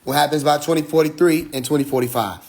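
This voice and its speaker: A man's voice: on the high side, steady tone, fast talker, vocal fry, a little mellow. A man hosting a livestream monologue, preaching with rhetorical questions and profanity. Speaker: livestream host. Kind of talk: Instagram Live monologue.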